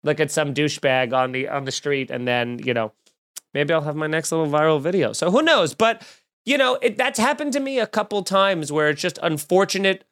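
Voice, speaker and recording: A man's voice: on the high side, lively intonation, brisk, a bit bright. Rambling self-mocking man telling stories. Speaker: podcast host. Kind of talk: comedic podcast chat.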